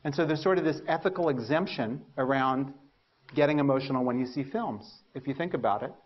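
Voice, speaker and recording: A man giving a university lecture, telling stories about his early research with lively, self-mocking humor and acting out his own past reactions. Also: medium pitch, a little fast, muffled recording. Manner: animated storytelling, acts out his past thoughts. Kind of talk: lecture with personal anecdotes.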